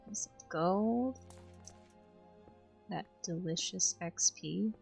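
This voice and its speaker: A woman's voice: fairly low pitch, very slow, vocal fry, a little mellow, faint music behind. A woman streaming a game, talking to herself in a jittery, easily spooked way as she plays. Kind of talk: casual gameplay commentary.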